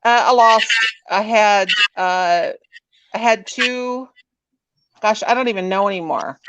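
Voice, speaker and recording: A woman's voice: medium pitch, slow pace, fairly bright tone, no room sound, muffled recording. A woman in her fifties hosting a casual live stream, chatty and self-mocking, often trailing off and restarting. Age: 50s. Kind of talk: casual chat.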